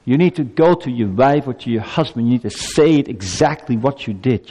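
A man preaching a sermon to his congregation. He builds to emphatic peaks, then drops low and slow. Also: lively intonation, mellow, breathy edge, in a large hall. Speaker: pastor.

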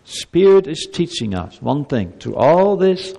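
A male pastor preaching an earnest sermon to children and a congregation. He swings between loud emphatic lines and soft, low asides. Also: animated, moderate pace, gravelly, few pauses. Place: church. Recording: long hall reverb.

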